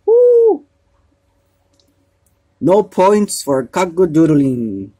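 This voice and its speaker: A man gently reading a children's storybook aloud, unhurried. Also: on the high side, husky.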